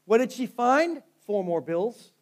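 A man's voice: very high voice, sing-song, unhurried. A male pastor preaching a sermon, telling stories with fervent rises and drops in volume. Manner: fervent storytelling preacher, rising and falling in volume.

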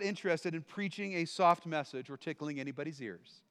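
High-voiced preacher in a reverberant hall. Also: male voice, a little fast, hardly any pauses. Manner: dynamic preaching, shouting quoted lines. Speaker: pastor. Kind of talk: sermon.

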